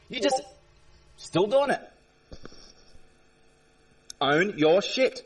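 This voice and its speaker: Angry high-voiced man ranting far from mic. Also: sing-song, extremely slow, long pauses, slightly rough. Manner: confrontational, repetitive, swearing. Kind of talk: angry rant at a chat viewer.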